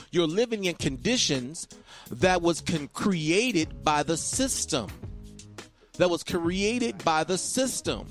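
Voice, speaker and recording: A man hosting a podcast, talking in an emphatic, repetitive monologue and preaching to his listeners. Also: high voice. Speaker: podcast host. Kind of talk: casual monologue.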